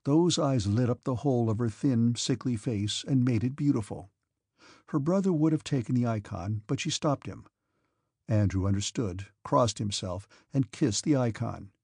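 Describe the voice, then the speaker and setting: A man narrating a classic novel as an audiobook in a measured storytelling manner. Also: medium pitch, creaky, a little mellow, slightly rough, dry recording, studio quality.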